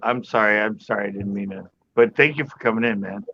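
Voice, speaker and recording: A man's voice: fairly low pitch, fast, bright, forceful tone. A man hosts a casual live stream panel, rambling as he works through his thoughts. His audio is a little muffled, with faint noise underneath. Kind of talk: casual chat.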